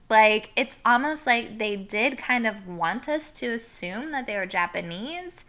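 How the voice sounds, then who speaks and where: A young woman with a bright, clear voice tells a story on her own vlog. She chats casually, leaning on filler words as she goes. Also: fairly high pitch, animated, a little slow, hardly any pauses. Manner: chatty, lots of fillers, laughs through story. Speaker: vlogger.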